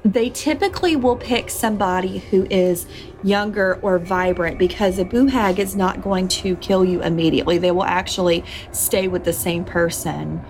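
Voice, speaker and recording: A woman's voice: on the low side, moderate pace, a little hiss or hum. Storytelling woman podcast host. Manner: laughs often, animated storytelling. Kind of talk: storytelling a folktale and casual chat.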